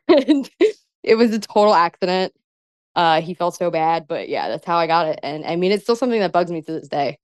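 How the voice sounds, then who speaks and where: A young woman guest who is a pro wrestler talks fairly fast in a lowish, expressive voice, laughing often and using "like" constantly in her casual interview chat. There is no echo.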